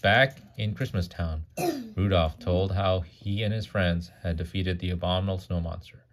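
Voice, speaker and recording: A man reads a children's picture book aloud at bedtime in a deep, low voice. He is animated and stops now and then to gasp and comment. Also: normal speed. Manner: animated, gasps and comments mid-story. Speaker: parent reading to a child. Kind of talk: bedtime storybook reading.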